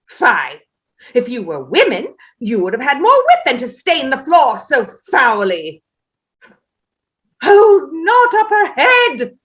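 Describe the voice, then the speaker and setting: A woman's voice: high voice, sharp tone, exaggerated voice. A woman playing a haughty Tudor queen. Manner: declamatory, imperious. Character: imperious sleepwalking Tudor queen, haughty, commanding. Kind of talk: staged play reading.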